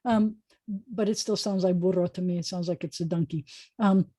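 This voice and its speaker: A woman's voice: on the low side, steady tone, moderate pace, dark tone, no room sound. Chatty woman rabbi teaching online. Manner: chatty, thinking aloud, many fillers. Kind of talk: informal online lesson. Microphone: video call.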